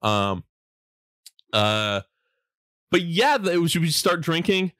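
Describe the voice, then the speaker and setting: Animated man telling a story. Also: on the high side, slow pace, no room sound, clean studio sound. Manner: animated, laughing while mimicking people. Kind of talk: casual storytelling chat.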